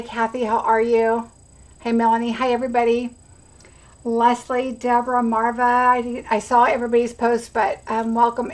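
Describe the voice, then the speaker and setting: A woman's voice: a little high, poor audio. A middle-aged woman hosting a casual craft livestream, rambling chattily and greeting viewers by name. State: has the hiccups.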